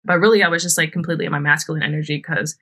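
A woman's voice: low voice, steady tone, rapid-fire, sharp tone. A young woman hosting a podcast, telling a personal story casually, full of fillers, frequent laughs and free swearing. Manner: chatty, filler-heavy, swears freely, laughs often. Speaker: podcast host.

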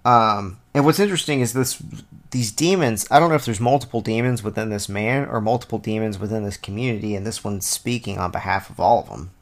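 A man leading an informal Bible study, reading passages aloud and then explaining them in a relaxed, conversational way, often thinking out loud. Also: lowish voice, a little fast. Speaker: Bible teacher.

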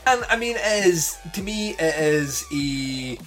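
Animated swearing man reviewing a movie. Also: a little high, takes it slowly, soft background music. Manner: animated, swearing, laughing often. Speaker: podcast co-host. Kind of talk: casual movie review chat.

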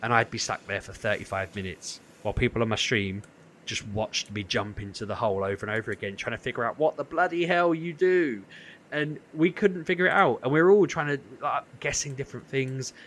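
Podcast guy telling a story, bright punchy voice, does all the quotes, bit of background hum. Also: medium pitch, a little fast. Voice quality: animated, acts out quoted voices. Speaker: podcast co-host. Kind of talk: casual storytelling.

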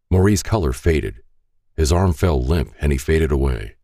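A man's voice: rumbling low, expressive, normal speed, dark tone, no echo, studio quality. A man narrating a first-person story in an earnest, reflective way.

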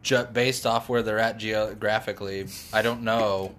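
A man co-hosting a casual podcast, laid-back and joking, often halting mid-sentence. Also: lowish voice, flat delivery, a bit bright. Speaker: podcast co-host.

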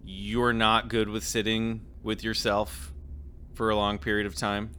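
A man's voice: fairly low pitch, monotone, unhurried, sharp tone, smooth. A man hosting a casual podcast interview over a video call, teasing his guest and laughing easily. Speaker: podcast host.

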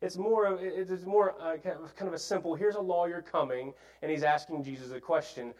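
A man preaching a sermon, explaining scripture earnestly with frequent pauses, fillers and restarts. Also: on the high side, darkish tone, low-quality recording.

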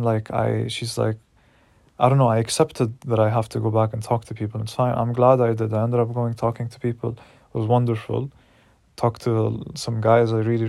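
A man's voice: medium pitch, vocal fry, darkish tone, no echo. A man in his twenties talking frankly and emotionally in a personal diary vlog, swearing freely when worked up. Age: 20s. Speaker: vlogger.

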